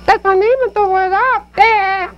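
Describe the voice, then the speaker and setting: A man voicing a squeaky, bratty ventriloquist dummy as an impression of a famous comic, recorded on dull lo-fi tape. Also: steady tone, a little slow, a bit bright, a little hiss or hum.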